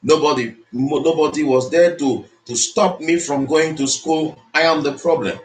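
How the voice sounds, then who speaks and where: A man's voice: on the high side, steady tone, normal speed. Emphatic man, roomy echo. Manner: repetitive, emphatic, preachy. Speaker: motivational speaker. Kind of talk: motivational speech. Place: speaking to an audience in the Philippines.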